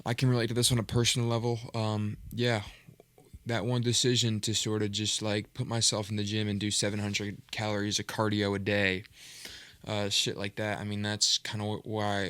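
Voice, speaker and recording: A man's voice: lowish voice, a bit bright. A man hosting a reaction video, commenting in an earnest, rambling, self-reflective way.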